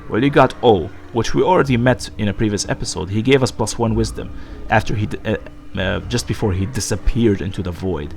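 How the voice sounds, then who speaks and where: A man's voice: on the low side, fairly quick, gravelly, few pauses. A man who is feeling ill, rambling through gameplay commentary and reading game dialogue aloud. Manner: rambling, thinking aloud with many fillers. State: sick. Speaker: let's play host.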